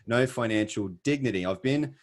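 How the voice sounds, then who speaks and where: Speaking at a moderate pace in a mid-range voice, this middle-aged man with an Australian accent delivers a heartfelt motivational talk as a webinar presenter. He often stumbles into fillers and starts his sentences over.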